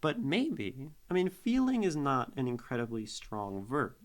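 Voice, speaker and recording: A young man talks slowly through a poetry critique on a live stream. He thinks out loud in an unhurried way, pausing, doubling back and restarting his thoughts. His voice sits at an ordinary middle pitch. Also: animated. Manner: musing, thinks aloud with restarts.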